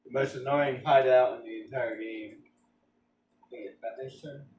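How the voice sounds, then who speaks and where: A man's voice: mid-range voice, steady tone, normal speed, darkish tone, far from the mic. A man chatting casually while streaming a game, rambling with lots of filler words and joking. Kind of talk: casual gameplay stream chat. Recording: roomy sound, off-mic, faint background hum.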